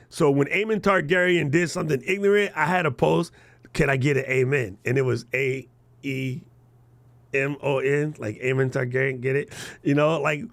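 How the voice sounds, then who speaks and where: A man hosting a live podcast workshop, animated and joking, laughing as he explains. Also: mid-range voice, gravelly, dry recording. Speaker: podcast coaching host.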